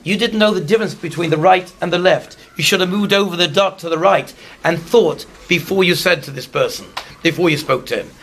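A man teaching a Torah class in an explanatory storytelling manner, slowing down on the key lessons. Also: sits high, a bit bright.

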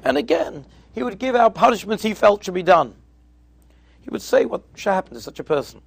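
A man's voice: sits high, lively intonation, a little fast, vocal fry, slightly rough, no room sound. A man, a rabbi, giving a sermon to yeshiva students, telling stories and acting out their dialogue, with Hebrew and Yiddish terms mixed in. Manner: storytelling, acting out dialogue in quotes.

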